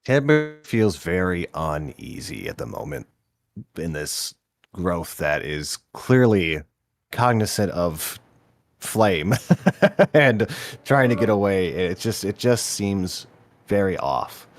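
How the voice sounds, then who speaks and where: A man's voice: deep voice, very animated, slow pace, no room sound. A man playing in a tabletop game, hesitant and thinking aloud with fillers as he talks. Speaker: player. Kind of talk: casual tabletop game chat.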